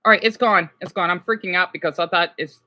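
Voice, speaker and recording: A woman's voice: lowish voice, fast, sharp tone, highs cut off. A woman vlogger ranting casually, frustrated and swearing at her laptop.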